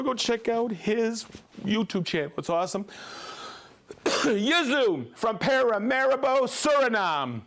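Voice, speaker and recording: A male host on a live stream runs through viewer shout-outs with plenty of energy. His voice sits high and swings widely in pitch, and he sounds excited throughout. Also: unhurried. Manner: upbeat, excited, calls out viewer names. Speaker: livestream host.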